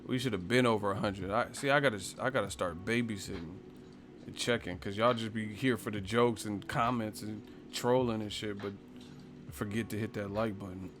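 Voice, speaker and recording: Over some background noise, a man with a fairly low, steady voice hosts a boxing channel's live stream at a moderate pace. His talk to viewers is loose and full of swearing, jokes and asides.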